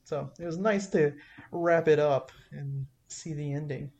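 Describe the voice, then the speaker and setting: A man's voice: a little high, a little slow, a little mellow. A man co-hosting a podcast in casual chat, easygoing, often answering in brief replies. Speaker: podcast co-host.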